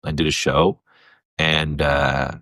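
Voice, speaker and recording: A comedian hosting a casual solo podcast, animated and profane, jumping his voice around to act out what people said. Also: slow, no echo. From Canada. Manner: animated, profane, acts out quoted voices with big pitch jumps. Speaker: comedian host.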